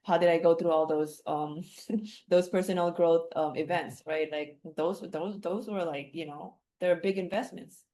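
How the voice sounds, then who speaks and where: Woman guest, low mellow voice, loose rambling talk full of fillers. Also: fairly even intonation, unhurried. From Philippines. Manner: rambling, many fillers and restarts. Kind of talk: reflective casual conversation.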